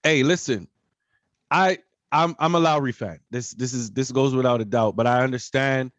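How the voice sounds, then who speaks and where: A man from Canada co-hosting a podcast, talking casually in a rambling, animated way full of fillers. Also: medium pitch, moderate pace, no echo, muffled recording. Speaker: podcast co-host. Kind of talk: casual chat.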